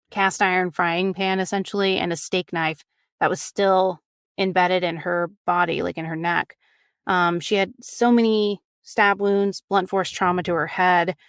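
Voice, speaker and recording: A woman's voice: on the low side, clear, resonant tone, no echo, studio quality. A woman podcaster casually recounting a true crime case, sprinkling her talk with "like" and "you know". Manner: chatty, many fillers like "you know" and "like".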